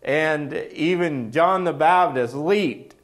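Casting note: overjoyed angel messenger, put on by a male preacher, high and eager, can't hold in the news. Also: slow. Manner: excited, breathless, bursting to share news. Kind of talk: sermon storytelling.

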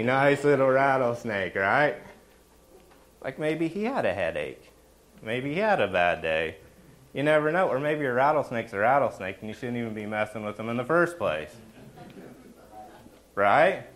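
Animated male pastor preaching conversationally. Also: lowish voice. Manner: animated, asks the congregation questions, often adds "right?". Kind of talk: conversational sermon.

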